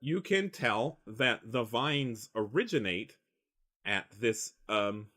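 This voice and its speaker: A man's voice: mid-range voice, lively intonation, slow, a bit bright. A man narrating as game master in a rambling, hesitant way with many fillers.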